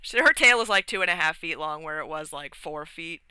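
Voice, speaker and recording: A woman's voice: low-pitched, lively intonation, brisk, bright, forceful tone, clear, resonant tone, no echo, poor audio. A woman host casually retelling her tabletop game session in a rambly way, laughing as she goes. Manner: rambly, many fillers and restarts, laughs while telling. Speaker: podcast host.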